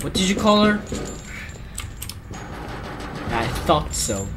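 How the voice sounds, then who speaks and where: Teasing woman gaming with loud noise behind. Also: fairly low pitch, very animated, moderate pace. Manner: teasing, bossy, bursts of yelling. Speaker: co-player. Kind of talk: casual gaming commentary.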